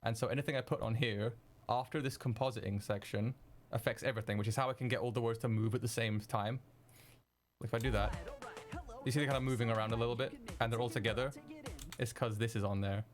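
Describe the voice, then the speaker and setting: Excitable young man, live-stream chat. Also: mid-range voice, fast, faint music behind. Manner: excitable, swears freely, laughs often. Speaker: streamer editing video live.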